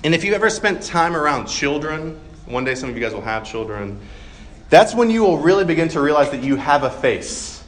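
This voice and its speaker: A man's voice: a little high, big pitch swings, brisk, a bit bright. A man in his thirties preaching a sermon in a casual, conversational way, with self-deprecating humor and plenty of ums. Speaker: pastor.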